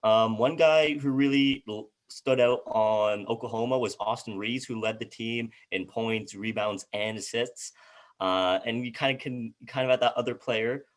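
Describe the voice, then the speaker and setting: A man's voice: medium pitch, measured pace. A man co-hosting a casual sports chat, reading out team records and stumbling over player names. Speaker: co-host.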